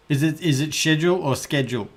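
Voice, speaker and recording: A man co-hosting a casual podcast. He talks haltingly, with many "uh"s and restarts. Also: medium pitch. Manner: hesitant, stammering restarts. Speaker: co-host.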